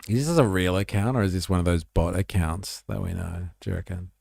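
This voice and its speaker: Australian male streamer, low and raspy, blunt sarcastic commentary, close dry mic. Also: a little fast, darkish tone, no room sound. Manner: blunt, sarcastic, swears a lot. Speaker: live streamer. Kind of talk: livestream commentary reacting to posts.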